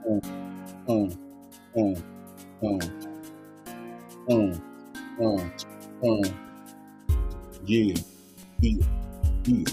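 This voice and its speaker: Brief: male streamer, casual comedic commentary, gravelly, repeats himself for emphasis. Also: sits low, extremely slow, long pauses, music in the background. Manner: animated, repetitive, laughing asides. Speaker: livestream host reading chat.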